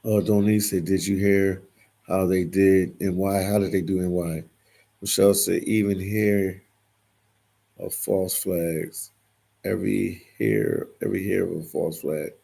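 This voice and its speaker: A man with a low voice that sits deep in gravelly fry hosts a casual livestream. He reads out the chat and answers it in a loose, repetitive way, and his voice sounds husky. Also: fairly even intonation, unhurried, mellow. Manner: reads chat comments aloud and replies, repeats phrases. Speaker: livestream host reading viewer comments.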